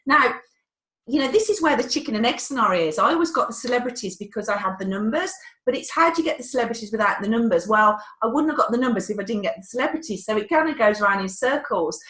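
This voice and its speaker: A chatty woman hosts a live webinar, talking to her viewers in a slightly high voice. She sounds a little flustered by the technology. Her voice rings around an echoey room. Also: lively intonation, fast, a bit bright. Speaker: webinar host.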